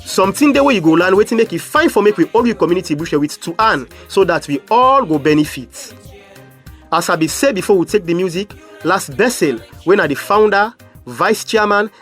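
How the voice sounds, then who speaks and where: A man's voice: high-pitched, a bit bright. A man from Sierra Leone with a Krio accent, presenting a radio program and interpreting for a guest.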